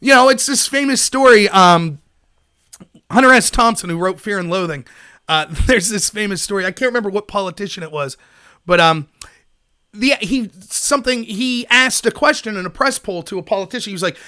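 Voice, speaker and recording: A man hosting a political commentary livestream, talking in an animated, sarcastic, ranting way. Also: sits high, a little fast, smooth. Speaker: host.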